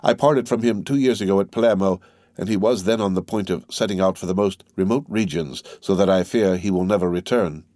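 A mysterious count speaks with measured earnestness, holding his feelings back, voiced by a male audiobook reader. The voice sits low and sounds dry and close. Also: a little mellow, no room sound, natural voice. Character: grave, mysterious nobleman count, middle-aged. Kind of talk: audiobook character reading.

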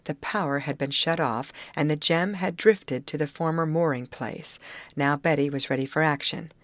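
Low-voiced woman reading a novel aloud. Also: moderate pace, dry recording. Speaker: audiobook reader. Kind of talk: scripted narration.

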